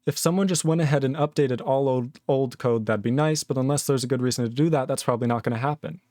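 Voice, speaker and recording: A young man in his twenties ranting casually on a live-coding stream, reading chat aloud, animated and sweary. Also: medium pitch, quick pace, dry recording, studio quality. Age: 20s.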